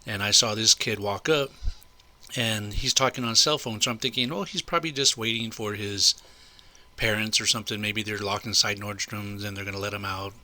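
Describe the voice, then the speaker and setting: A man's voice: lowish voice, little pitch movement, a little fast, pushed and bright. An older man telling a story in a casual, rambling way, indignant and full of asides. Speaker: vlogger recounting a personal incident.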